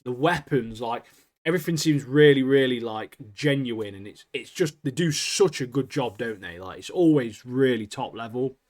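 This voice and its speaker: Talking at an ordinary pace in a mid-range voice, a man co-hosts a podcast with casual, animated chatter. Frequent laughter punctuates his speech, and "mate" comes up again and again.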